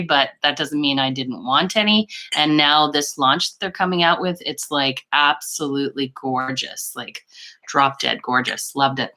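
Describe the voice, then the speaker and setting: A Canadian woman with a low, sharp-toned voice hosts a casual beauty livestream from her bedroom, using her laptop's microphone. She chats live with viewers in a rambling, gushing way, dropping little laughs as she goes.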